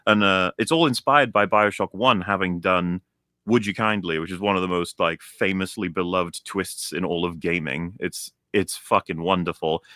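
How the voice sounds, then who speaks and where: Young male critic, low voice with a bright, forceful edge, dry close sound, swearing through an animated rant. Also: normal speed, no room sound. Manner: animated, profane, mocks characters in put-on voices. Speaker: stream guest. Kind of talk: ranting game critique on a stream.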